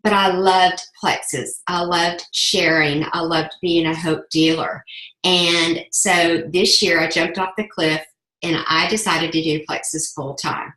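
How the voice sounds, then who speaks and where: A woman's voice: on the low side, steady tone, a little slow, bright, forceful tone. A middle-aged woman, giving an earnest, impassioned personal testimony and repeating phrases for emphasis. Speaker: sales ambassador giving a testimonial. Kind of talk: emotional personal testimony speech. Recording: echoey room.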